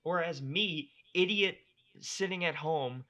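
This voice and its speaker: Animated, bright-voiced young man ranting. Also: medium pitch, moderate pace, dull audio. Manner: animated, exasperated ranting with profanity. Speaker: podcast co-host. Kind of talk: casual chat.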